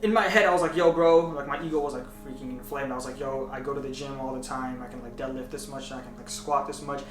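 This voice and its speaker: A young man telling a story in casual chat, animated and tagging his lines with "right?". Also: medium pitch, quick pace, hardly any pauses, music in the background. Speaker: vlogger. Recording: echoey room, mic at a distance.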